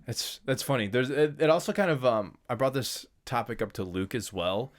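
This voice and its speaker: A man co-hosts a podcast, telling stories in a relaxed, loose way packed with filler words and frequent laughter. His mid-range voice is expressive and moves at a normal speed.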